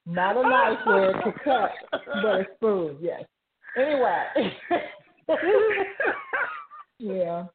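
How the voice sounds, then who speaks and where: A woman's voice: mid-range voice, slow pace, long pauses, noisy background. A woman in her fifties sharing a personal faith testimony on a talk show, laughing often and turning earnest and preachy. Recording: tinny phone line.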